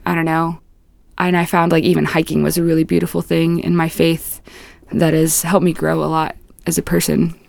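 A young woman with a low, gravelly voice chats as an interview guest, rambling and reflective and full of "like". The sound is dry and close, with no room around it. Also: no room sound. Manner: rambling, heavy use of "like", reflective. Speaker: musician guest. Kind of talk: casual interview chat.

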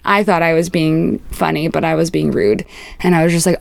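A young woman with a low, gravelly voice chats as an interview guest, rambling and reflective and full of "like". The sound is dry and close, with no room around it. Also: fairly even intonation, a little fast, dry recording. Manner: rambling, heavy use of "like", reflective. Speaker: musician guest. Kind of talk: casual interview chat.

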